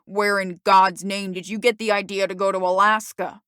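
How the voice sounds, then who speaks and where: A woman's voice: medium pitch, little pitch movement, moderate pace, smooth, no echo, clean studio sound, close to an everyday voice. A woman reading an audiobook, voicing a stern, angry father who snaps sarcastically at his teenage daughter. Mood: furious. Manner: loud, snapping, sarcastic.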